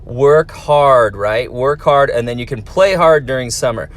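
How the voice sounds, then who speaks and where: A man's voice: medium pitch, lively intonation, normal speed. Friendly man answering viewer comments. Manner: friendly, encouraging, talks to kids. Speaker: teacher and YouTube host reading viewer comments. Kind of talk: casual chat reading comments aloud.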